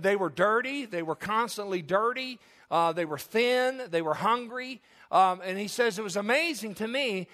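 High-voiced man preaching a sermon. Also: fairly bright tone. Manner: impassioned preaching with emphatic repetition.

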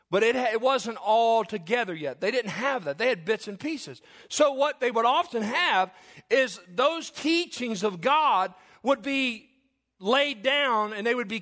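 A man's voice: extremely high pitch, a bit bright. A male preacher delivering a sermon, emphatic and repetitive, telling stories to make his point.

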